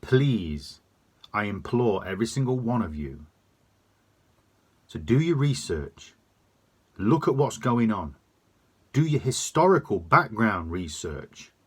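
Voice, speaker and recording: A man's voice: on the low side, sing-song, slow, pauses often, husky. A man delivering a sweary, emphatic opinion rant to camera. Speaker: vlogger.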